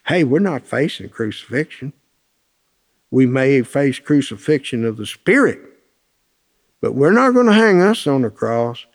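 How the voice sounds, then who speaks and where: A man's voice: mid-range voice, animated, unhurried, long pauses. A man teaching a Christian class, preaching through a personal story in a folksy, storytelling way. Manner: folksy storytelling, acts out phone calls in raised voices.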